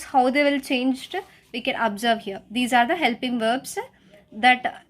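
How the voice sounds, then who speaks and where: A woman's voice: a little high, a bit bright. A woman teacher explaining a grammar lesson step by step, asking her class rhetorical questions and often restarting her phrases. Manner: frequent hesitant restarts. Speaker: schoolteacher.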